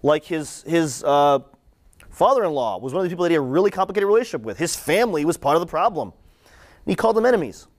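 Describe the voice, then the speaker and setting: A man's voice: fairly high pitch, animated, fast talker. A man giving a casual, conversational sermon to students. He repeats his questions for emphasis and adds "right?" and "like" along the way. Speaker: campus ministry speaker.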